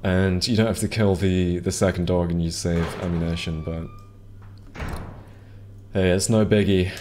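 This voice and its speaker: A deep, darkish voice with fairly even intonation and a slightly slow pace belongs to a man streaming a video game, a little hiss or hum in the background. On a headset or desk mic, he chats casually with viewers, rambling through many ums and restarts.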